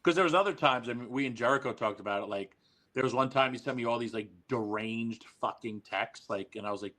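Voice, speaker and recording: A man's voice: medium pitch, a little fast, bright, forceful tone. A man guesting on a podcast, telling stories animatedly, acting out quoted lines and swearing freely. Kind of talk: casual storytelling.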